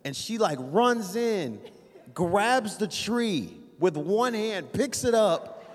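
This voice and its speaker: A man telling a funny family story to a church gathering in a casual, animated way, with a long hall reverb around his voice. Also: sits high, slow. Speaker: church member sharing a story.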